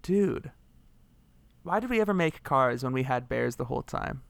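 A man co-hosting a comedy podcast with dry, deadpan humor. His voice is smooth and clear. The recording is close and dry. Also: medium pitch, moderate pace, no room sound. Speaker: co-host. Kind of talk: casual comedy podcast banter.

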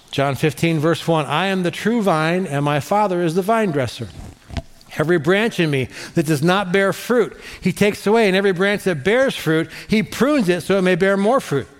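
A man pastor preaching a sermon in an animated way, repeating phrases for emphasis, in a large church hall. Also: sits high. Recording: long hall reverb.

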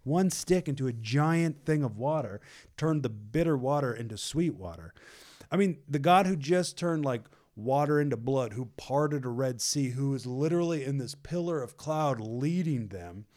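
A man at a middle pitch with a warm, mellow tone, chatting casually as he retells a Bible story. He talks loosely with lots of "like" and "you know," and acts out a panicking crowd now and then. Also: moderate pace. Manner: loose and animated, many fillers like "like" and "you know".

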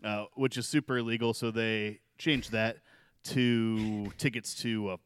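Man, podcast co-host, smooth resonant voice, dry close mic, casual banter. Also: lowish voice, steady tone, measured pace, no room sound. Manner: joking, news-reading segments with fillers. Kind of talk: casual chat.

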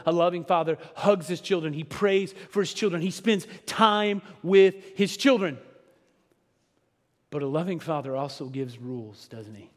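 A middle-aged man preaching a sermon in a conversational style, dropping to a hush and then building loud, with teasing asides to the congregation. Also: a little high, normal speed. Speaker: pastor. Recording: long hall reverb.

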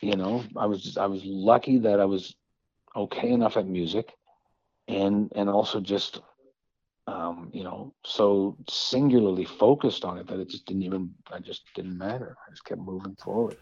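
A man, a musician guest, talking casually in an interview, rambling with halting restarts and self-deprecating asides. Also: low-pitched, steady tone, gravelly, a little mellow, no echo, highs cut off.

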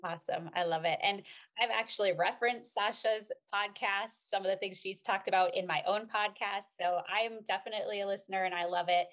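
A woman's voice: mid-range voice, steady tone, fairly quick, a bit bright. A woman hosting a podcast, affirming and upbeat toward her guest. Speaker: podcast host. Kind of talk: casual interview talk.

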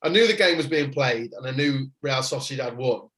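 A man hosting a podcast, telling stories in an excitable, jokey way. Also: medium pitch, moderate pace. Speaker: podcast host. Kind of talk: casual chat.

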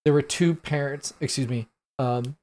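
Halting, earnest man in his late thirties. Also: medium pitch, steady tone, darkish tone. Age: late 30s. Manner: halting, earnest, many fillers and restarts. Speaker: podcast host. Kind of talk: solo commentary on news events.

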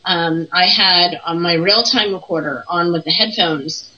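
A woman's voice: lowish voice, unhurried, lo-fi sound. A woman who investigates the paranormal, telling what happened on an investigation in plain storytelling and acting out what people said. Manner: plain storytelling that acts out quoted talk. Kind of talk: casual interview storytelling.

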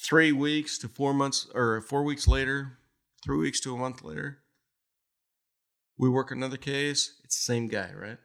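A man's voice: medium pitch, fairly even intonation, unhurried, gravelly, a bit bright. A man, a retired police officer, telling stories in a casual interview, laughing often and swearing casually.

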